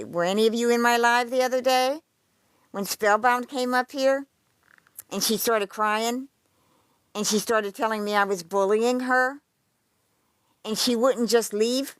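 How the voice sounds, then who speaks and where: A woman's voice: on the high side, no echo. Woman, livestream host, blunt, profane, rambling, restarts sentences, dry close sound. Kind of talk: casual chat commenting on a list she reads aloud.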